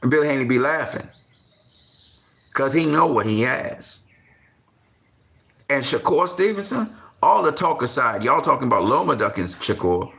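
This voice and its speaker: A man's voice: big pitch swings, moderate pace, vocal fry, long pauses. A man giving casual boxing commentary, repeating himself and piling on slang as he rants in disbelief. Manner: repetitive, exasperated rants with slang; gets louder and higher when worked up. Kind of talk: animated boxing talk.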